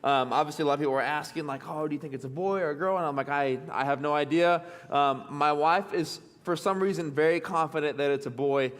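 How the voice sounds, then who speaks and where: A man's voice: on the high side, steady tone, fast talker, hardly any pauses, a bit bright. A young man with a Texan accent preaching a sermon in a church, chatty and self-deprecating, full of ums and restarts. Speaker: pastor. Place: church hall. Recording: long reverb of a church hall.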